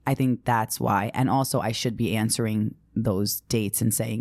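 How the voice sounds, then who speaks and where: A woman comedian chatting casually on a podcast, telling animated stories and acting out what people said, with casual swearing. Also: rumbling low, normal speed, few pauses, dry recording, studio quality. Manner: animated storytelling, acts out quotes, swears casually.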